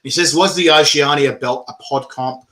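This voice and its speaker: A man hosting a casual interview, animated, laughing often and swearing freely. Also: fairly high pitch, moderate pace. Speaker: host.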